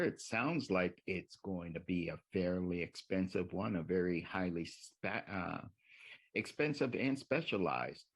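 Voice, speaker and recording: Sarcastic man at a council podium. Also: lowish voice. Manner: sarcastic, needling, rambling. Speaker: public commenter at city council. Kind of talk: public comment speech.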